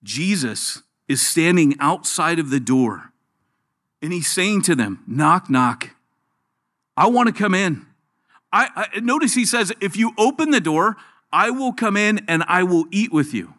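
A middle-aged man preaching a sermon, animated, dropping his voice low and soft when he quotes. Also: measured pace. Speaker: pastor.

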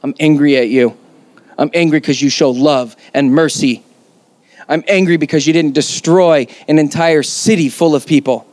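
A man's voice: fairly high pitch, moderate pace, darkish tone, no room sound, close to an everyday voice. A man playing a bitter, angry prophet. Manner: bitter, defiant pleading.

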